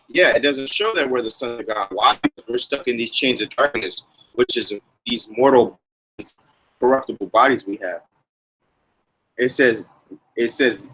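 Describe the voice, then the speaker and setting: A man talks through a casual religious commentary and keeps peppering his lines with "man" and "okay". His voice is bright and forceful. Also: mid-range voice, normal speed, slightly rough, low-quality recording.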